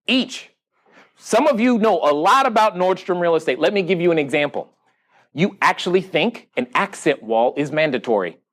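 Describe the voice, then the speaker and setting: Speaking in a high register, a podcast host gives a live seminar talk in an event room, animatedly telling stories, quizzing the audience, and acting out dialogue.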